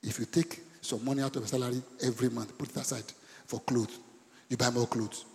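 A middle-aged man, preaching a sermon in animated bursts and asking the congregation questions. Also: fairly quick, vocal fry. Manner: animated preaching with sudden high bursts and call-and-response questions. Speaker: pastor. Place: church hall. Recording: church hall with long reverb.

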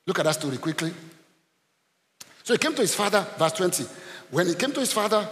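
A male pastor delivers a lively sermon in a slightly high voice. He swings from quiet asides into shouts, repeats phrases and calls out to the congregation. A long hall reverb trails each line. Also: a little fast, pauses often. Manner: animated preaching, bursts into shouts, repeats himself; addresses the congregation with call-and-response.

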